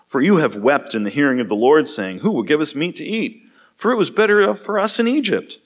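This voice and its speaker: A man's voice: medium pitch, husky. A man reads a Bible passage aloud, leaning into the speakers' lines with rising, dramatic emphasis. Between verses he slips into a loose, conversational teaching voice with fillers and the occasional stumble. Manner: casual asides with fillers and small slips. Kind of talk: scripture reading with casual commentary.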